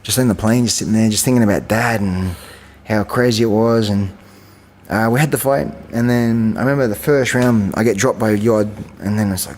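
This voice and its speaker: A man in his forties tells long stories in a relaxed interview. He rambles through fillers and restarts and acts out what others said. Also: on the low side, a little fast, in a large hall, slight background noise. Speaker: guest, champion kickboxer. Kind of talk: casual storytelling interview.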